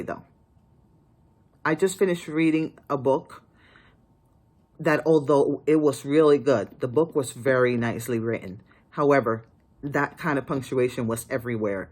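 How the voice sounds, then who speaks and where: Writer talking straight to camera about writing, really emphatic, keeps saying please and restarting. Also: medium pitch. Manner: emphatic and pleading, with frequent restarts. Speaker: author giving writing tips. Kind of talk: casual advice to camera.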